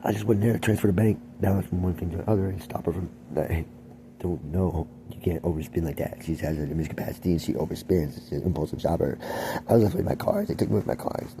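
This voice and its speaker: A man's voice: low voice, fast, background noise. A man venting in a rambling, heavily profane, agitated rant to camera.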